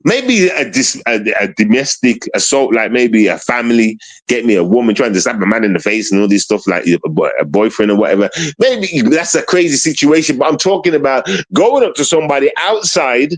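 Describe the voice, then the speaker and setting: A man's voice: medium pitch, lively intonation, a little fast, hardly any pauses. A man, ranting on his livestream in street slang and repeating himself. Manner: repetitive, confrontational street slang. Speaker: streamer.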